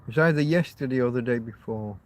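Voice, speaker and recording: A man's voice: mid-range voice, fast talker. Rambling man on a livestream. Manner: rambling, trails off and restarts, chats to viewers. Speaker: livestream host. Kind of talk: casual rambling livestream chat.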